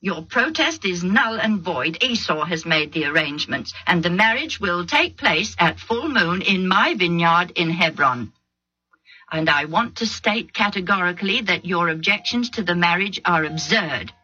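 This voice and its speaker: A woman's voice: deep voice, normal speed, hardly any pauses, sharp tone, slightly rough, highs cut off, exaggerated voice. A woman voicing an angry older man who indignantly defends his daughter with a raised voice. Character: angry older man, proud father of the bride.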